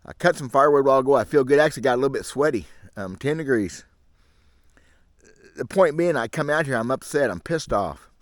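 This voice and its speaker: A man's voice: mid-range voice, lively intonation, a little fast, no echo, studio quality. A middle-aged man, rambling frankly and grumbling to camera outdoors in the woods. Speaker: fishing channel host. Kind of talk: casual rambling monologue to camera. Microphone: camera mic.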